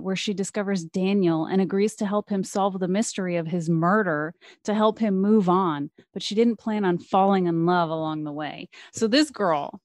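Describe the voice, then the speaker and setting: A woman's voice: medium pitch, a little mellow, dry recording. A young woman co-hosting a laid-back podcast, recounting a story with plenty of acted-out quotes and asides. Her voice sits in a middle register. She is recorded close on a dry mic. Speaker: podcast co-host. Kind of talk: casual chat.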